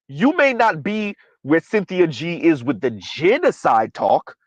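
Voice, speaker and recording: Emphatic stream host, man, pitched a little high, dry close mic. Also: sing-song, a little slow, hardly any pauses, dry recording, low-quality recording. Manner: emphatic, repeats "right?" often. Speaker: commentary channel host. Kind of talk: livestream commentary reading chat.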